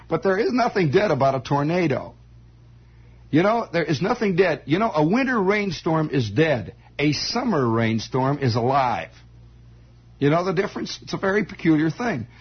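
Male radio storyteller, fairly high voice, digressive and chuckling, on a dull old broadcast recording. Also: husky. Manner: digressive, chuckling, folksy, with many restarts. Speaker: radio host. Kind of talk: rambling radio storytelling monologue.

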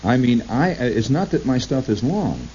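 A man broadcasting on radio, telling a long rambling story in a halting, digressive way, breaking into quoted voices. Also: mid-range voice, very animated, warm tone. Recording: lo-fi recording with faint hiss.

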